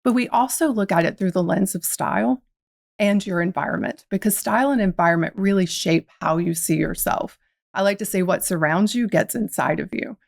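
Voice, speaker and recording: Gravelly woman. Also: mid-range voice, brisk, no echo, clean studio sound. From American South. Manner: reflective, uses quoted inner dialogue. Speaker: podcast guest, founder. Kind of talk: casual interview storytelling.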